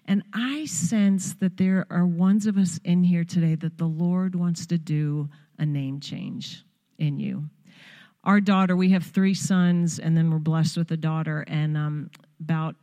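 A woman's voice: lowish voice, a little slow, warm tone, big-room sound. A middle-aged woman from Long Island giving a heartfelt, conversational sermon as a guest speaker in a church. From Long Island, New York. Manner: heartfelt, conversational preaching with asides. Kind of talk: sermon exhortation. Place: church sanctuary.

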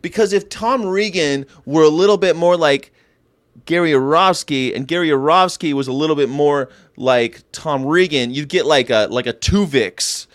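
A man's voice: fairly high pitch, moderate pace, no room sound, clean studio sound. A man hosting a daily vlog, with rambling, jokey talk and frequent laughs. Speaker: host. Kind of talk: casual daily vlog monologue.

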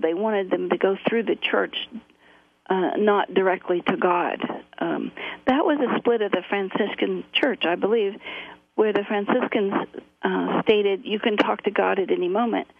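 A woman's voice: medium pitch, creaky, breathy edge. A middle-aged woman guest telling her story earnestly, with frequent fillers. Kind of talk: interview on a phone line. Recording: tinny phone line.

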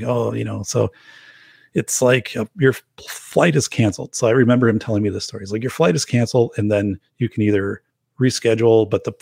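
Podcast host, male, gravelly and rambling, chatty storyteller in a dry room. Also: medium pitch, a little mellow, no echo. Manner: rambling, many restarts and quoted asides. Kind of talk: casual conversational chat.

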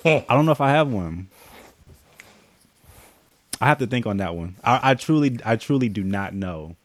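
A man's voice: medium pitch, expressive, normal speed. A man hosting a casual group chat, laid-back and slangy, laughing often.

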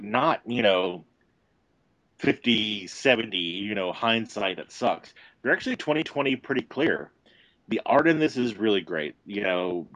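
A man with a deep voice chats casually on a podcast. His pitch moves a lot as he rambles, restarts and swears. The sound is dry and close to the mic. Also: a bit bright, no echo, poor audio. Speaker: podcast co-host. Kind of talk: casual chat.

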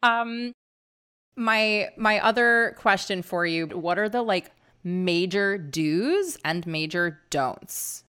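A woman's voice: medium pitch, takes it slowly, fairly bright tone, clean tone. A woman hosting a podcast, chatting casually in a rambling, hesitant way with many filler words. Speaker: podcast host. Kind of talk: casual interview chat.

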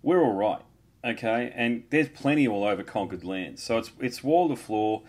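A man's voice: medium pitch, animated, moderate pace, a little mellow. A man hosting an interview, talking casually with effusive, fan-like praise and some swearing. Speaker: interviewer host.

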